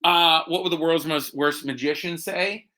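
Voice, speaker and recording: A man's voice: fairly high pitch, steady tone, normal speed, sharp tone. A man hosting a casual live stream from home, tipsy from drinking, rambling and joking with lots of fillers. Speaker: host.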